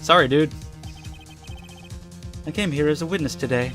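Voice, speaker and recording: A young man giving casual, excitable commentary while playing a game, swearing often. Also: a little high, normal speed, over music. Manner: excitable, swears a lot, angry outbursts. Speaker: let's play gamer.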